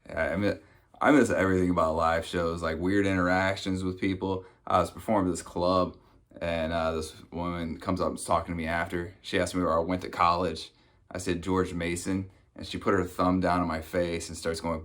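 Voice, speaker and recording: A man's voice: low voice, fairly even intonation, brisk. A man in his thirties from the United States doing a stand-up comedy set, telling conversational stories and acting out the people in them. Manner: conversational storytelling, acts out quoted people. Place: home, recorded for a virtual show.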